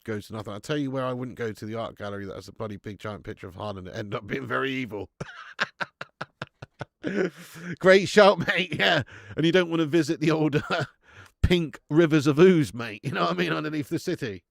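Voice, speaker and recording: A man hosting a live football watch-along, chatting in a sweary, jokey way and breaking into excited commentary. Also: mid-range voice, a little fast, gravelly, no room sound, clean studio sound. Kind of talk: live match commentary and chat.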